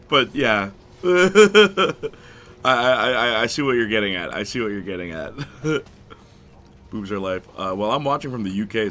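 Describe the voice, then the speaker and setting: Bright-voiced joking male game streamer. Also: medium pitch, slight background noise. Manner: joking, giggly, reads and answers chat. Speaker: gaming streamer. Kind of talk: casual live-stream chat while playing.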